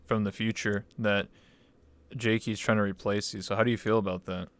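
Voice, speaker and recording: Smooth-voiced rambling man. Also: lowish voice, steady tone, a little fast, no room sound. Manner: rambling storytelling with many likes and ums. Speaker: interview host. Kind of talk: casual chat.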